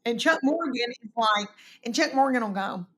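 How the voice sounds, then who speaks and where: A woman's voice: a little high, normal speed. A middle-aged woman with an East Tennessee Southern accent, telling folksy stories as a guest in a casual chat. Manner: animated, folksy storyteller who acts out quotes. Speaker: guest comedian.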